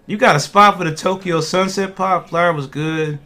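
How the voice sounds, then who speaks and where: A man's voice: high-pitched, moderate pace. A man hosting a casual cannabis livestream, chatting animatedly with viewers and laughing often. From Ohio. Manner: animated, laughing, talks to chat.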